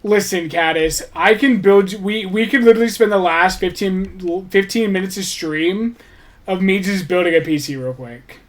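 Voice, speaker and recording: A man's voice: high-pitched, normal speed. A man chatting casually on his livestream, rambling, restarting sentences and swearing offhandedly.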